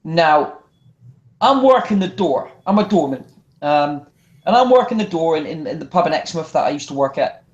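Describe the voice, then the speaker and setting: High-voiced man telling animated stories. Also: normal speed, reverberant, muffled recording. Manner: animated, acts out voices in anecdotes, frequent restarts. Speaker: guest wrestler. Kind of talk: casual storytelling interview.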